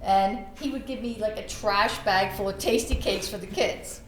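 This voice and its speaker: A middle-aged woman, a podcast host and realtor, telling a story in an animated, laughing way. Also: mid-range voice, moderate pace. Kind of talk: storytelling in casual chat. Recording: echoey room with faint background noise.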